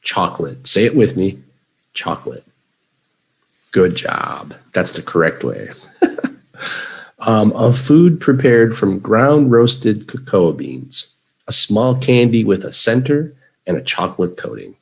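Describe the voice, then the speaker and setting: A Chicago man with a Chicago accent teaches English vocabulary in a live lesson, having students repeat words after him. His lowish voice is slow, creaky, and slightly rough, yet very animated.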